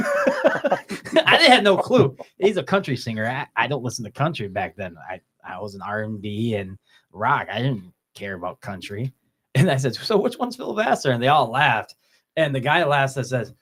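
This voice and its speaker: A podcast host tells stories in a mid-range, slightly bright, sing-song voice at normal speed. Chatting casually, he often laughs, acts out the voices of people he quotes, swears offhandedly and repeats words.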